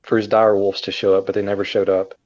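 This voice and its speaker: A man's voice: on the low side, level tone, fast talker, a little mellow, lo-fi sound. A man co-hosting a casual video game chat, earnest and friendly. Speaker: co-host.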